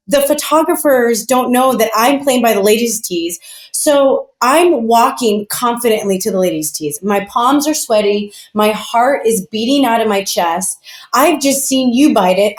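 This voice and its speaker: A woman guest on a podcast telling stories in a lively, chatty way with lots of fillers. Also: a little high, a little slow. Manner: animated, chatty, many fillers. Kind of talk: casual storytelling. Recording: roomy echo.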